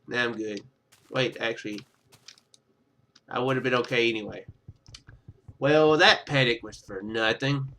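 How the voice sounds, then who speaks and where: A man talks casually over a video game in an unhurried, rambling way. His voice is bright and forward, and he stammers and cuts himself off with chuckles. He records through a simple webcam microphone. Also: mid-range voice, slight background noise. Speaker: gaming YouTuber. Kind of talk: rambling casual gameplay commentary.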